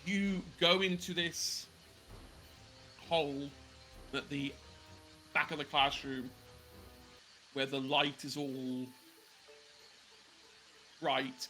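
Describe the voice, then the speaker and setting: A man game master narrating a tabletop role-play scene. His voice is high and bright, and he takes his time. He uses lots of fillers as he describes what the players see. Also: fairly even intonation, drawn-out words, long pauses, soft background music, poor audio.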